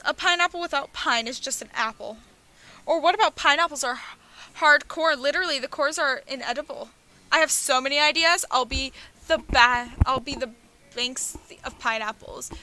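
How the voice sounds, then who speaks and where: A young woman with a high, bright voice reads a dating game aloud on stream. She slips from the game's text into joking asides, laughs and swears as she goes. Her tone stays playful and loose throughout.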